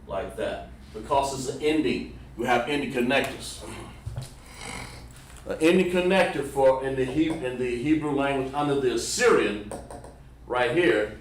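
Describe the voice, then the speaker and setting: A man with a Southern American accent teaching pronunciation on a livestream, halting and repeating words as he sounds out syllables slowly. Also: medium pitch, expressive, slight background noise. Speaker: religious language teacher. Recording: roomy sound from a distant mic.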